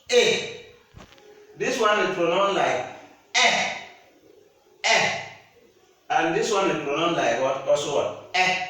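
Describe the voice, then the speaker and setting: Patiently going over French pronunciation, a man with a high, slightly bright voice repeats words to check that his student understands. The lesson runs slow like a classroom, captured in an echoey room from a distance.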